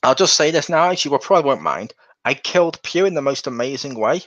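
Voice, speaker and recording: A man chatting casually on a podcast, telling lively stories and acting out other people's voices. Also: medium pitch, fast talker, no echo. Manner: animated storyteller who acts out quotes in different voices. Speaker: podcast co-host. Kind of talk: casual chat. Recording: dull, lo-fi sound.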